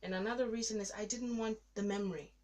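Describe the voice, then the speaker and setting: A woman's voice: medium pitch, steady tone, fast talker, darkish tone. A woman in her thirties sharing a personal story in an interview, getting emotional as she acts out her past prayers. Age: 30s. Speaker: guest.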